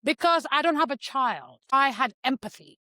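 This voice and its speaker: A woman telling stories on a podcast, acting out the scenes and swinging between loud and hushed. Her voice sits a little high. The sound is dry and close to the mic. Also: moderate pace, no echo. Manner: animated storyteller who acts out scenes. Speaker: podcast guest. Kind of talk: casual podcast chat.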